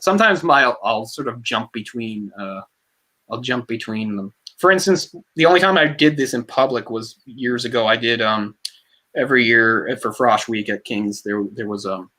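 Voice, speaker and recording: A man co-hosting a casual movie discussion podcast, a singer with a tenor voice, talking in a rambling, animated way full of fillers. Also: mid-range voice, normal speed. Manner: rambling, animated, heavy use of "like"; tenor speaking voice from a trained singer. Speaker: podcast co-host. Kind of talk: casual film discussion chat.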